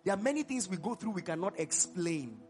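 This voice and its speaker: A man preaching a sermon in an animated way, asking the congregation questions and answering them himself. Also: sits high, fairly quick, faint music behind. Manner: breaks into song mid-sermon.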